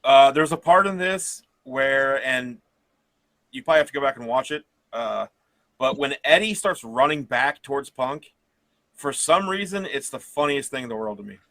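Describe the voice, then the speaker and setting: A man's voice: mid-range voice, expressive, moderate pace, fairly bright tone, no room sound. A man co-hosting a podcast, chatting casually about wrestling in a rambling way with frequent laughs. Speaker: podcast co-host. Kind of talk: casual wrestling review chat.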